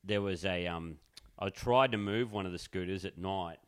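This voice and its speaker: A young man on a casual podcast, easygoing and rambling, his stories full of ums and laughs. His voice sits a little low for a man. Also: normal speed, clear, resonant tone. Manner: laid-back, rambling anecdotes with fillers and laughter. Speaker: podcast co-host. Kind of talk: casual chat.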